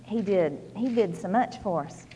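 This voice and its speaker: A woman's voice: mid-range voice, expressive, unhurried, warm tone, a little hiss or hum. Folksy woman preaching in a hall. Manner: conversational, folksy storytelling with many "you know"s. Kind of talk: sermon.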